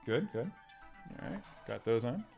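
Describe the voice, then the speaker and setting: A man's voice: medium pitch, very animated, unhurried, gravelly, darkish tone. A man hosting a casual live stream, chatty and self-deprecating, thinking aloud and answering viewer comments as he works. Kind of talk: casual live-stream chat while unboxing. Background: faint sci-fi music.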